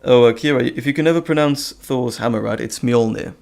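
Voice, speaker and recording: ざらついた声の男性配信者. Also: male voice, medium pitch, a little fast, gravelly. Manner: relaxed, rambling, chuckling. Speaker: host. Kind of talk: casual live stream chat.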